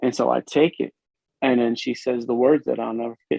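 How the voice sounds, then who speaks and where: A man from Illinois who works as a police officer, giving an earnest, emotional personal testimony in a podcast interview, with halting, restarting speech. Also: mid-range voice, steady tone, gravelly, darkish tone, no echo. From Illinois, USA. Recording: dull lo-fi dry recording.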